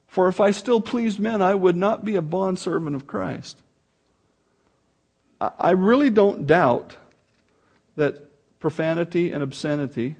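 A man preaching a sermon, emphatic and dramatic, reading scripture aloud. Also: on the high side. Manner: animated, emphatic preaching with dramatic swings in loudness. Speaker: pastor.

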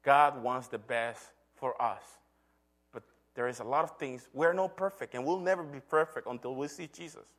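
Middle-aged man, church elder, earnest preaching, storytelling sermon, mid-pitched voice. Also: normal speed, fairly bright tone. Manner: earnest, storytelling with acted quotes. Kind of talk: sermon testimony.

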